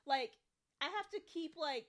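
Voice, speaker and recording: A woman co-host with a fairly high voice that swings up and down a lot. She chats in a relaxed way and uses plenty of fillers. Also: a little slow, crowd noise. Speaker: podcast co-host. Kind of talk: casual chat.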